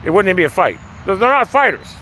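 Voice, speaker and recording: A man's voice: high-pitched, sing-song, quick pace, bright, forceful tone, a little hiss or hum. A man talking casually on a live stream outdoors, ranting with lots of swearing. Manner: profane, ranting.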